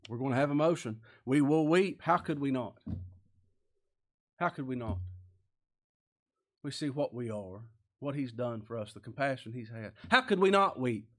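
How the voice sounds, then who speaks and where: A man's voice: medium pitch, normal speed, pauses often. Earnest male preacher. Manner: earnest, emphatic preaching with rhetorical questions. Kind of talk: sermon.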